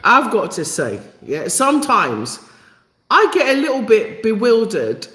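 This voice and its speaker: A woman talks straight to her live-stream viewers, driving each point home by repeating it. Her pitch swings widely and her voice has a lively, animated rise and fall. The sound carries a noticeable echo from the room. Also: unhurried. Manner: emphatic, repeats phrases for effect. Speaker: channel host. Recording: echoey room.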